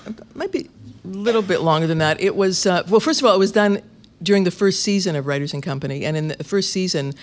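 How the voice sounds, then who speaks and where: Guy, radio interviewer, chatty storyteller, kinda high voice, laughs a lot as he goes. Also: fast talker. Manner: lively storyteller, laughs often, restarts phrases. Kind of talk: conversational anecdote.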